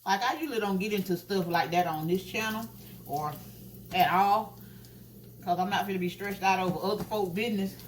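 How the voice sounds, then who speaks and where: A woman's voice: mid-range voice, slight background noise. Young woman, casual kitchen vlog, chatty, talks right to viewers, new braces, faint sizzling pan behind. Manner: chatty, talks straight to viewers, drawn-out asides. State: wearing new braces, teeth clanging. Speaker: vlogger. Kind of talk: casual chat to viewers while cooking. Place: home kitchen. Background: food sizzling in a pan.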